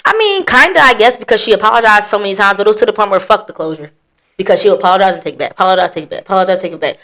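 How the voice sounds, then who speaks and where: A woman's voice: medium pitch, animated, very fast, a bit bright. A woman hosting a podcast, telling her story in blunt, profane casual chat. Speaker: podcast host.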